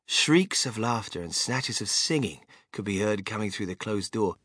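An audiobook narrator reading a children's story in an expressive, animated way. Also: mid-range voice, moderate pace, breathy edge, no room sound, clean studio sound.

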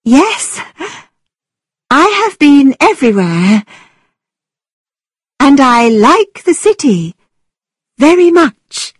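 A woman's voice: high voice, very animated, extremely slow, pauses often, dry recording, clean studio sound, pitched above the performer's own voice, heavily acted. A woman voicing a shy young lady who answers politely while holding back laughter, in a storybook reading. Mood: amused.

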